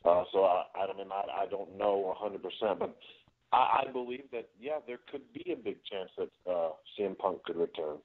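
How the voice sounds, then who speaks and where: A man's voice: sits low, normal speed. A man being interviewed as a guest who explains things earnestly and often restarts his sentences. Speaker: guest, professional wrestler. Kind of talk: casual interview over the phone. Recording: tinny phone line.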